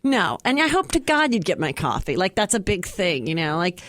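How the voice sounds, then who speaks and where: A woman from California's San Fernando Valley with a Valley girl accent, chatting quickly in an interview, saying "like" all the time and slipping into lively impressions. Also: fairly low pitch, dry recording. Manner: chatty, quick, says "like" a lot, animated impressions. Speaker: comedian guest. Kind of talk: casual interview chat.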